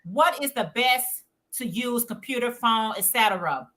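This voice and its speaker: Woman, livestream host, informal chat, sharp bright tone, slightly high voice. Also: lively intonation, unhurried. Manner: reads chat messages aloud, chatty and informal. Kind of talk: casual chat reading viewer comments.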